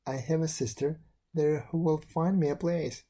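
A man's voice: on the high side, steady tone, moderate pace, dark tone, voice pushed up, natural voice. A man voicing a polite, weary young maiden with a slightly raised voice.

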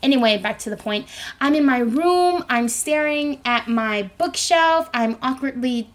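A young woman in her twenties whose high, girlish voice sits a little above most women's. She rambles in a self-conscious, chatty way, full of fillers, as she records a solo podcast alone in her bedroom. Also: lively intonation, measured pace. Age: 20s. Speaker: podcast host. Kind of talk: solo podcast monologue, casual chat. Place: home bedroom. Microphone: microphone.

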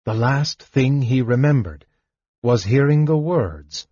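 A man narrating a fantasy audiobook in a measured, expressive storytelling manner. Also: medium pitch, slightly rough, no room sound. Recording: dull lo-fi dry recording.

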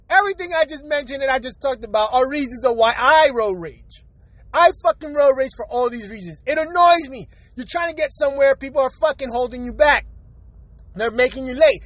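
A man's voice: very high voice, fairly quick, a bit bright, no echo. A young man ranting profanely about traffic while driving, repeating himself. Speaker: vlogger. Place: inside a car in city traffic. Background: faint traffic noise.

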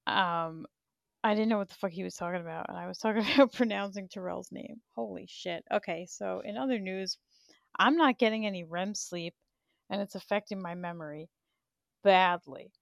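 A woman's voice: medium pitch, normal speed, creaky, no room sound. A woman in her thirties hosting a livestream in blunt, profane, rambling chat, laughing often. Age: 30s. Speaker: livestream host.

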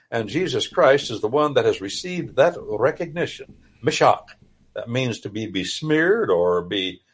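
A man's voice: mid-range voice, breathy edge. A male radio host reading and explaining scripture in a folksy, emphatic, preacher-like way. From United States.

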